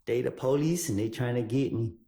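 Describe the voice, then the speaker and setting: A man gives quick, evasive answers on the witness stand. His testimony is full of street slang and spoken in a courtroom. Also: mid-range voice, gravelly, mellow. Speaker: trial witness.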